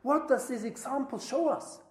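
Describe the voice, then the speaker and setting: A woman preaching a sermon, swinging between loud emphasis and near-whispers. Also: sits high, moderate pace. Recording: roomy echo.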